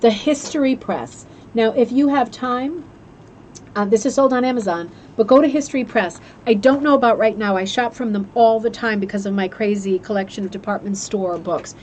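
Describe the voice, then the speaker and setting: A woman's voice: fairly high pitch, normal speed, darkish tone, a little hiss or hum. A woman hosting a craft club livestream, chatting casually about a book and gushing with fillers and restarts. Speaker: host of a rug hooking club livestream. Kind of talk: casual chat, reviewing a book.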